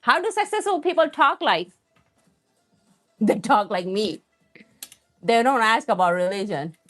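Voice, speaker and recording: A woman's voice: fairly high pitch, sing-song, measured pace, a bit bright, faint music behind. Chatty woman hosting a cooking livestream. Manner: chatty, rambling, talks straight to viewers. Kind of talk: live stream chat.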